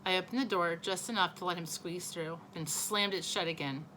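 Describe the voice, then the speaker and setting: A woman teacher reading a children's novel aloud, expressive and correcting her own small slips. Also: lowish voice, brisk, a little hiss or hum, low-quality recording.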